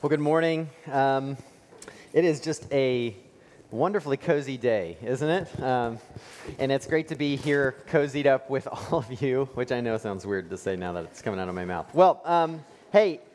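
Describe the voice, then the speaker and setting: A male pastor preaching a sermon in a conversational storytelling way, with fillers and rhetorical questions. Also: medium pitch. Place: church sanctuary. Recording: long church reverb.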